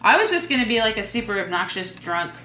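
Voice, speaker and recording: Bright-voiced woman comedian, rambling chat. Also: mid-range voice, big pitch swings, fast, soft background music. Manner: playful, rambling, full of fillers. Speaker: stand-up comedian guest. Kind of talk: casual chat. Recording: echoey room.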